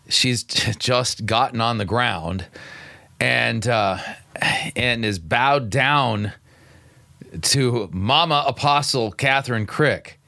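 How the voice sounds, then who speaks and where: A man's voice: medium pitch, slow pace, gravelly, pushed and bright, no echo. A man hosting a radio show, giving sarcastic, incredulous commentary on video clips, often stumbling and restarting. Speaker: radio show host and pastor.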